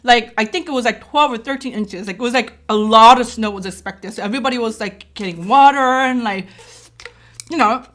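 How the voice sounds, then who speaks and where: Woman, slightly high voice, rambling casual storytelling, lots of "like". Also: brisk, fairly bright tone. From Korea. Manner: rambling, chatty, filled with "like" and "right?". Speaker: vlogger and mother.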